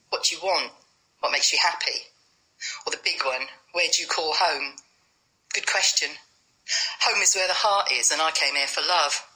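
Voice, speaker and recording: A woman plays a wry, bitter rough sleeper who talks to her dog in blunt street slang, swearing freely. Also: deep voice, pushed and bright, full character voice, low-quality recording. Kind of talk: dramatic monologue.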